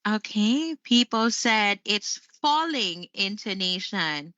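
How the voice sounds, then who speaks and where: Slow, bright-voiced woman teaching online. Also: mid-range voice, dry recording. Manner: slow, expressive delivery with frequent laughs. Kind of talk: live-streamed English lesson. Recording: slightly muffled stream audio.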